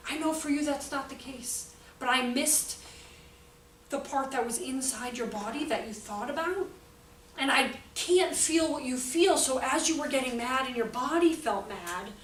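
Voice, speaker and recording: A middle-aged woman giving an animated, chatty workshop talk to educators. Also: high voice, measured pace, a little hiss or hum. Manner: animated, chatty, acts out kids' outbursts. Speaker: teacher trainer. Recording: echoey room, voice from a distance.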